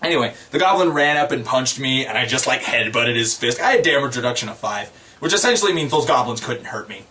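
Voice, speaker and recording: A man's voice: mid-range voice, quick pace, slight background noise. A man casually recounting a tabletop game session, rambling and chuckling as he tells it. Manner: rambling, chuckling, animated retelling. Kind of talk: casual storytelling.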